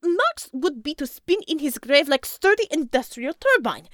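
A woman voicing a gruff, indignant female commissar with a Russian accent in a storybook reading. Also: sits high, very animated, normal speed, fairly bright tone, no echo, clean studio sound. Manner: spluttering, indignant.

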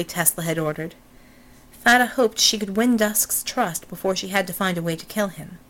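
A woman reading narration of a novel in a measured, even storytelling manner. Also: medium pitch, poor audio. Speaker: audiobook narrator. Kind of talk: scripted narration.

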